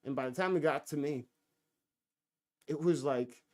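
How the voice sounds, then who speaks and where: A man's voice: a little high, measured pace, a little mellow, no echo, clean studio sound. A man in his thirties hosting a live stream, talking casually in loose, profane rambles with many fillers and restarts.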